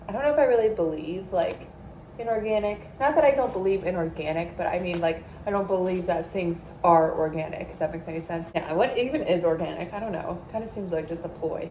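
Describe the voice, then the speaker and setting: A woman in her thirties chatting casually to her phone camera in a vlog, expressive and talkative. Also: medium pitch, a little hiss or hum. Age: 30s. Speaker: vlogger.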